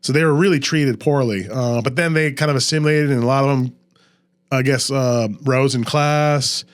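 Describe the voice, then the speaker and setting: A man's voice: medium pitch, moderate pace, clear, resonant tone. A man from Louisiana hosting a casual podcast chat, explaining local history and pronunciations at length. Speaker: podcast host.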